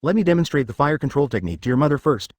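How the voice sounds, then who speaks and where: A man voicing a gentle, doting immortal emperor who talks to his wife and daughter with a smile, recorded close and dry. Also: medium pitch, sing-song, rapid-fire, dry recording. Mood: gently reassuring. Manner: smiling, reassuring.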